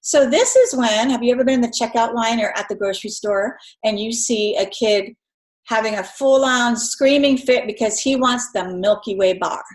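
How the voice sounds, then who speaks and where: A woman giving a conversational recorded lecture as an instructor, acting out parents and children in quick voices. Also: a little high, echoey room, poor audio.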